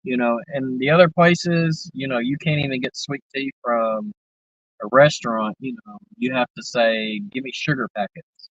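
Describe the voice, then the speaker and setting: A man's voice: medium pitch, fairly even intonation, moderate pace, no room sound, lo-fi sound. A man from the American South with a Southern accent, hosting a livestream and chatting to viewers in a rambling, drawling way full of fillers. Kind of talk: casual chat.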